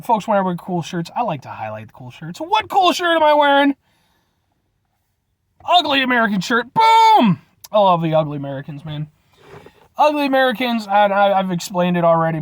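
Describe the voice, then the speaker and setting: High-voiced, animated man reviewing food. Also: no echo. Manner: animated, playful, keeps addressing viewers as folks. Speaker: food reviewer, vlog host. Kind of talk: casual food review vlog. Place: inside a parked truck.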